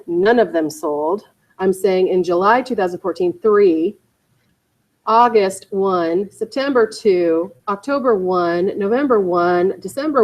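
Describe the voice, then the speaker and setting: A woman leading a real estate training class, emphatic and energetic, often checking in with "okay" and "you guys". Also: medium pitch, low-quality recording. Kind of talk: training lecture to agents. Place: training room.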